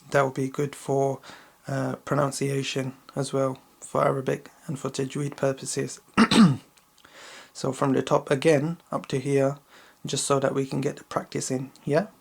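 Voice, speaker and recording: A man teaching slow Quran recitation to children. He is patient, repeats each verse several times and checks in with a questioning "yeah?". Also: mid-range voice, vocal fry.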